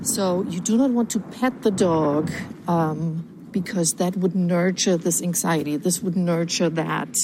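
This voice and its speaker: A woman caller leaving a recorded message, explaining calmly with lots of hesitant ums. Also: fairly low pitch, a little slow, background noise. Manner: hesitant, many filler ums, calm explaining tone.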